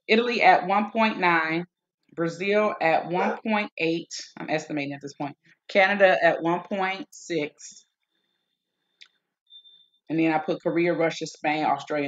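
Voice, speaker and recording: A woman's voice: fairly low pitch, dull audio. A woman hosting a live-stream explainer, working methodically through a list of figures with frequent checks of "okay?". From United States. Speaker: host.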